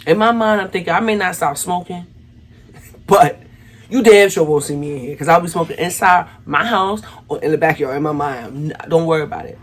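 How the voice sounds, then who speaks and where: Low-voiced woman telling a storytime. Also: normal speed, slight background noise. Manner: chatty, addresses viewers as y'all. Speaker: vlogger. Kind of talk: casual storytime.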